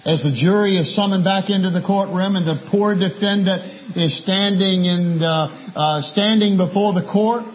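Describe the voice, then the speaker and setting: Man, preacher, sermon, high voice, emphatic, repeats phrases, muffled lo-fi recording. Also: moderate pace, hardly any pauses, slight background noise.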